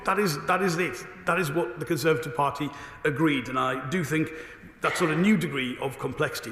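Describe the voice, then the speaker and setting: Fast-talking, slightly hoarse male minister. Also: medium pitch, a bit bright. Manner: brisk, assured debating delivery. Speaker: government minister. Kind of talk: parliamentary debate answers. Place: debating chamber. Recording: echoey chamber with long reverb.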